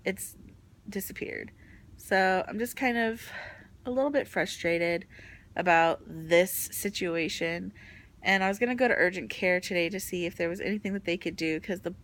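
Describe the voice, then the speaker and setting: A young woman vlogging casually, exhausted and nauseous, venting frankly about a rough stretch. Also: on the low side, normal speed, fairly bright tone. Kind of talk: casual chat.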